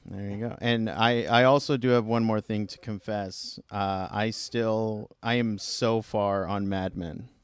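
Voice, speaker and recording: Smooth-voiced Canadian man, casual chat. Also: fairly low pitch, fairly even intonation, dry recording, clean studio sound. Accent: Canadian English. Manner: easygoing, self-deprecating, halting restarts. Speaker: podcast host.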